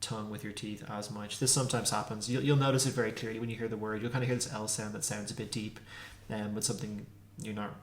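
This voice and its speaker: A man teaching a casual pronunciation lesson, repeating consonant sounds slowly to demonstrate them. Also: lowish voice, flat delivery. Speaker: language teacher. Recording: echoey room.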